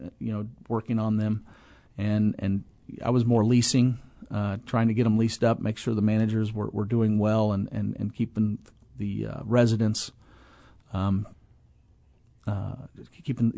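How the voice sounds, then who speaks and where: A middle-aged man who owns apartment property, in his 20s back in 1997, tells a long, rambling story about his business as an interview guest, with restarts and acted-out quotes. His low, mellow voice has vocal fry, and there's no room sound.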